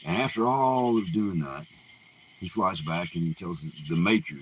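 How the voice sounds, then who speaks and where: Man, very deep voice, folksy storyteller, fillers and restarts, faint insect noise behind. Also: normal speed. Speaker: live Q&A host. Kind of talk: casual oral storytelling.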